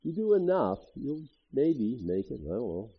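Lively, husky-voiced man preaching. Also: mid-range voice, moderate pace. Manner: conversational, animated preaching with asides. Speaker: pastor. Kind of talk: sermon. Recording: dull lo-fi audio.

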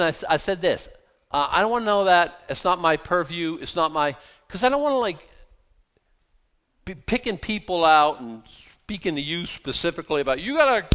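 Man, pastor, conversational sermon, animated, informal, restarts and fillers. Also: fairly high pitch, in a large hall.

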